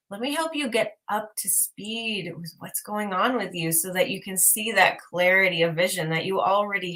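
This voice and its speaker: A woman's voice: on the low side, pushed and bright. A woman coach talking casually on a live stream, enthusiastic and rambling, with plenty of fillers. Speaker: intuitive art coach.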